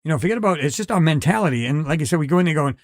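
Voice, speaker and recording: Man, middle-aged, live podcast host, rambling casual chat, slightly high voice, dry close sound. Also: animated, racing, no echo. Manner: rambling, conversational, many restarts and fillers. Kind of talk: casual live-stream chat reading viewer comments.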